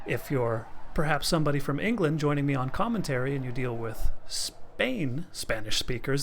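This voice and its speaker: A man from North America doing sim racing play-by-play commentary, animated and joking. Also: mid-range voice, normal speed, few pauses, a little hiss or hum. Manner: animated, joking, easy laughs. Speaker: lead commentator.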